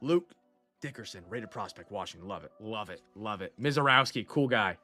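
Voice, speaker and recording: A man hosting a live card break, excitable and shouting over big pulls, with a stuffed nose. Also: lowish voice, brisk, faint music behind.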